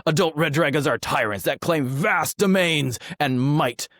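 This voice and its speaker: An orc , as voiced by a man, reads a monster description aloud with hardly any disguise. The voice sits fairly high for a man and sounds dry and close, with some stumbles over the text. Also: unhurried, a bit bright, no echo. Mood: gruff. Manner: plain reading with slips. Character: male orc reading aloud. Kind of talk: reading aloud in character.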